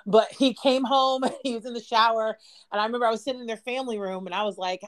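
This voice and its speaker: High-voiced woman telling a profane story. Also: brisk. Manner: profane, laughing, animated storytelling. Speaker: podcast co-host. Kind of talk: casual storytelling chat.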